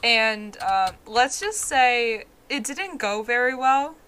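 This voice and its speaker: A woman's voice: a little high, lively intonation, slow, fairly bright tone, clean tone. A woman streaming a video game, chatting casually in a playful, goofy, self-mocking way. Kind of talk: casual gaming chat.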